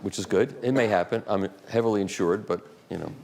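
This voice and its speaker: An older man speaking live to an audience, answering questions with rambling, animated anecdotes. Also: fairly low pitch, fast talker, gravelly, a little hiss or hum.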